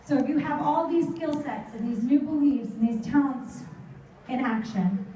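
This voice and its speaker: A middle-aged woman with a high, mellow voice gives a motivational talk to a live audience. She tells lively stories and slips into her children's voices. She is heard from well off the mic in a very echoey hall. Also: moderate pace, distant mic, a little hiss or hum. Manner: animated storytelling, acts out her kids' voices. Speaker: motivational speaker.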